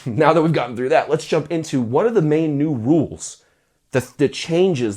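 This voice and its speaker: A man's voice: mid-range voice, warm tone. A man coaching musicians on their careers in casual advice talk to camera. He jokes and acts out quoted voices.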